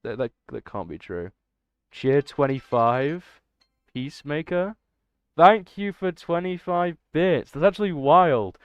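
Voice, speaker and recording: A young man chatting excitably and rambling to his livestream chat. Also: on the high side, slow pace, clean tone, no room sound. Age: young adult. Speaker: streamer. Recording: dull lo-fi dry mic.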